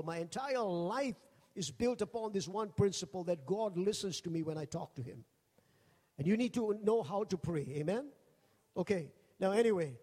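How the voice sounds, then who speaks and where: A male pastor preaching a sermon in a jokey, animated storytelling manner. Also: sits high, long reverb tail. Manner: jokey, animated, acts out quoted voices.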